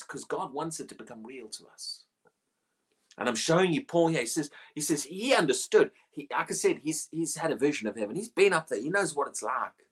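A woman preaching a sermon, emphatic and animated, often asking rhetorical questions. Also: deep voice, husky.

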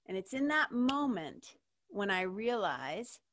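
A woman's voice: medium pitch, sing-song, slow pace, a bit bright. A woman hosting an interview, telling a personal story in a candid, emotional way, swearing freely and leaning on "like". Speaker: podcast host.

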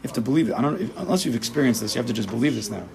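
A man teaching a Torah class as a rabbi, speaking emphatically and acting out inner voices in quick quoted asides. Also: mid-range voice, lively intonation, creaky, a crowd in the background, rough recording.

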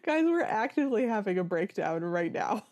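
A woman's voice: mid-range voice, big pitch swings, moderate pace, a little mellow. A woman co-hosting a podcast, recapping a film in casual chat with wry, dramatic storytelling. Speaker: podcast co-host.

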